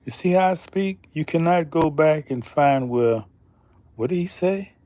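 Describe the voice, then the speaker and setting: A man hosting a slow, deliberate commentary monologue, emphatic and pausing often, asking pointed rhetorical questions. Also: fairly high pitch, animated, dark tone, no echo. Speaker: channel host.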